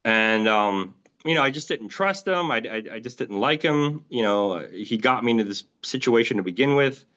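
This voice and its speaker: Male interview guest telling his own story; halting, filler-heavy delivery, average pitch, dull low-fidelity recording. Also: animated, fairly bright tone. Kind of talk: recounting personal experiences in an interview. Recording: dull lo-fi audio.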